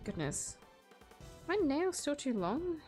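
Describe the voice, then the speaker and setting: A woman's voice: high-pitched, sing-song, slow, a little mellow, soft background music. A young Australian woman chatting casually and giggling while she live-streams a game. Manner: chatty, giggly, many fillers.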